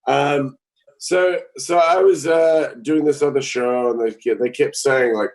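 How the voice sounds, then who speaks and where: Man, joking, blunt, swears freely, casual panel chat, mid-pitched voice, video call. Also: fairly even intonation, measured pace, rough recording. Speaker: panel guest, actor.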